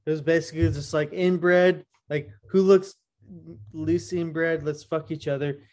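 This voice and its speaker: A man's voice: a little high, steady tone, measured pace, darkish tone. A young man co-hosting a podcast, telling crude stories casually and laughing often. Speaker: podcast co-host. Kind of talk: casual chat.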